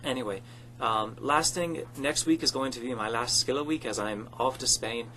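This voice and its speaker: A man's voice: mid-range voice, moderate pace, pushed and bright, slight background noise. Chatty young man on a webcam. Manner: upbeat, self-deprecating, chatty. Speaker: vlogger learning an accent. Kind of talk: casual self-recorded vlog. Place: home at night.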